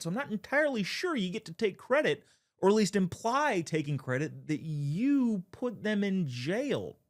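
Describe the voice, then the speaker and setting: Sarcastic male political commentary host. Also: on the high side. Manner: sarcastic, wry asides.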